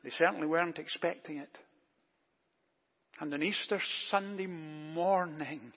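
A man preaching a sermon as pastor in a church, deliberate and emphatic, posing rhetorical questions. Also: a little high, slightly rough. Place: church during service. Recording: echoey church, long reverb, dull lo-fi.

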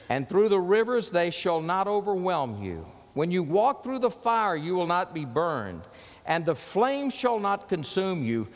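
A male pastor preaching with a high, lively voice that swoops up in fervor and sinks down soft for quoted scripture. His sermon rings out with a long church reverb trailing behind every phrase. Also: unhurried, dull audio. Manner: impassioned preaching, dropping low and soft for quoted words of Jesus.

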